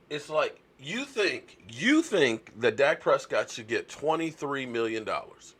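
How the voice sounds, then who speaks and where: A man's voice: fairly high pitch, wildly swooping pitch, moderate pace, hardly any pauses, bright, forceful tone, slightly rough. A man hosting a casual sports talk video, ranting indignantly and rambling with restarts.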